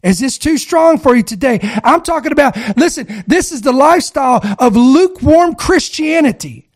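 High-voiced fervent male preacher. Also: animated, moderate pace. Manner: fervent, exhorting with call-outs. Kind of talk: sermon to an online audience.

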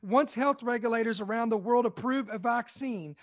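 A young man from Kentucky reading out news items and commenting on them emphatically, often repeating points slowly for effect. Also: very high-pitched. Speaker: online commentary host.

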